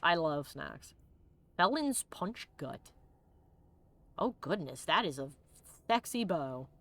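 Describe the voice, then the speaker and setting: Woman, let's play streamer, bright voice, lively pitch, jokey and giggly. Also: slow pace. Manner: bubbly and joking, laughs often, acts out characters' lines. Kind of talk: casual gameplay commentary.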